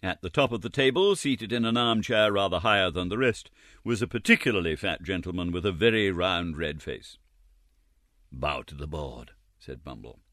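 A man reading a classic novel aloud as an audiobook narrator, expressive and wry. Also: low voice, a little fast, no echo, clean studio sound.

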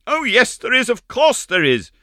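Frantic young ballet girl, high pleading cries, bright tone, dry close sound, as a man puts her on. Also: steady tone, rapid-fire, no echo. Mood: panicked. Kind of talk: audiobook character voice.

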